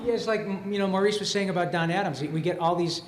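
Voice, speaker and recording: A man on a voice actor panel, chatting casually and rambling with lots of fillers and laughs. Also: high voice. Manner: rambling, halting, laughing often. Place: convention panel room. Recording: echoey convention hall with faint noise.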